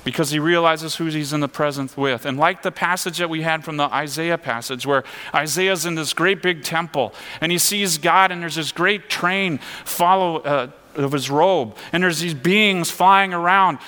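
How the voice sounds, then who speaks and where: A man's voice: fairly high pitch, normal speed, few pauses, sharp tone, smooth, in a large hall. A man preaching a sermon in an earnest, conversational way, asking his listeners questions. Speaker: pastor.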